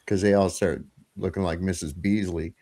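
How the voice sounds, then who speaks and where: A man's voice: deep voice, fairly even intonation, mellow. A man in his fifties on a live panel call, joking and reflecting on getting older. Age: 50s. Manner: joking, does quick silly voices. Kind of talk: casual panel chat.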